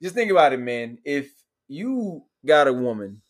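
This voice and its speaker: A young man hosting a casual podcast, talking in a loose, laid-back way. He curses freely and laughs easily, and his pitch rises and falls a lot from phrase to phrase. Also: big pitch swings, moderate pace. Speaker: podcast host. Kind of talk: casual chat.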